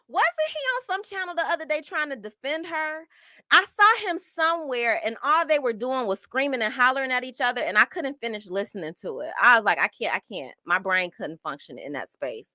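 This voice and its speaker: Chatty woman livestreamer with bright, dry sound. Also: fairly high pitch, no room sound. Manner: animated and chatty, slangy. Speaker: livestream host reading chat. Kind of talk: casual livestream chat.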